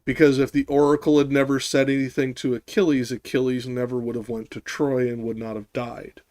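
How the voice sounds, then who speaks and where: A man in a loose podcast discussion who argues his side with insistence. He restarts his sentences often and drops a swear word to drive a point home. His voice sits at an ordinary middle pitch. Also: level tone, fairly quick, a little mellow. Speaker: podcast co-host. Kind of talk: casual discussion.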